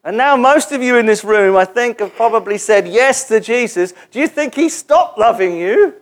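A man preaching a sermon in a church gathering, animated and joking as he leads the congregation in call-and-response. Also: extremely high pitch, moderate pace.

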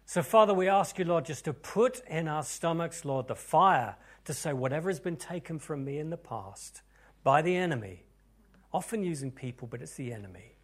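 A man preaching and praying over his congregation, his voice sitting a little above the usual male range. He drops to hushed, breathy whispers, then climbs into loud, fervent proclamations. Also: a little high, expressive, normal speed. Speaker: pastor. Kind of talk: sermon and prayer.

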